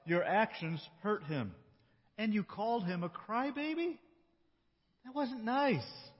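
A man's voice: high-pitched, expressive, breathy edge, long reverb tail, lo-fi sound, pitched above the performer's own voice, full character voice. A man speaking as a stern, firm father. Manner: firm, measured. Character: stern, patient father scolding his son.

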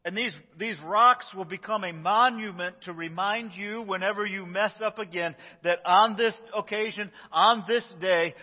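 A middle-aged man preaching a sermon as pastor, telling stories, acting out quotes and chuckling as he goes. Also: high voice. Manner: storytelling, acts out quotes, chuckles often. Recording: dull sound with long church reverb.

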